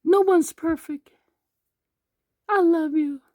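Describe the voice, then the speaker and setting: A man voicing a loving wife in a high, squeaky falsetto in a spoken story. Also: slow, a little mellow.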